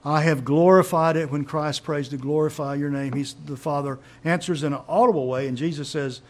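A man's voice: on the high side, steady tone, brisk, a little mellow. A man preaching a sermon, teaching in an emphatic way and asking rhetorical questions.

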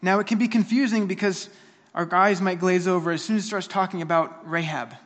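A man's voice: sits high, brisk, big-room sound. A man preaching a sermon, earnest and emphatic, often restarting his phrases.

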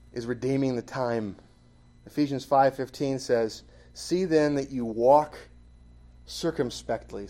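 A man delivering a sermon, his voice mellow and warm in tone. He punches key phrases with sudden bursts of volume, then drops back to an even teaching voice. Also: mid-range voice. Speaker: preacher.

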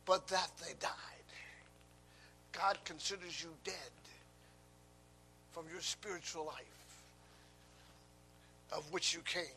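A man delivers a sermon in a high, bright voice. He takes it slowly and asks the congregation to answer him back. His delivery swings from hushed whispers to loud, stressed lines. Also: slight background noise. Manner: call-and-response preaching, swinging from hushed whispers to loud emphasis. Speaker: pastor.

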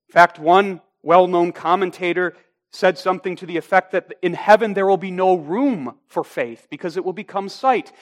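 High-voiced man preaching with emphasis. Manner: deliberate, emphatic, with slow stressed phrases. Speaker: pastor. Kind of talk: sermon.

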